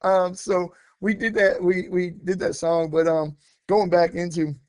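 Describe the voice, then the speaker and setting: A man guest telling an animated, laughing story in a casual interview. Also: sits high, measured pace, smooth, no room sound. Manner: animated, laughing, full of restarts and quoted voices. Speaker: rapper guest.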